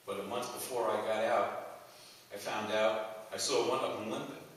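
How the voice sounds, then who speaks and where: A man in his sixties giving an earnest, halting, plain-spoken personal testimony as a guest speaker at a church. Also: fairly low pitch, steady tone, fairly bright tone. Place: church hall. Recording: echoey hall, far from the mic, faint hiss.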